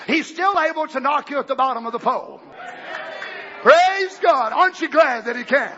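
A man preaching a fiery sermon, shouting fervently and then dropping to low, quiet asides. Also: expressive, normal speed, some chatter behind. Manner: shouts fervently, swings between loud bursts and low asides. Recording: dull lo-fi recording.

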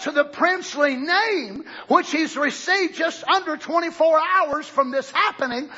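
A man preaching a sermon, swinging from low murmurs to loud shouted lines. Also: measured pace, hardly any pauses, lo-fi sound.

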